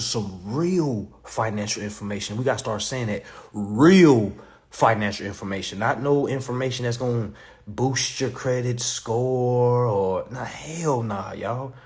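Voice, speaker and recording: A man teaching credit and consumer law in a casual live class. He jokes, swears a lot and keeps calling out to his audience. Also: mid-range voice. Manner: profane, joking, animated, addresses the audience as y'all.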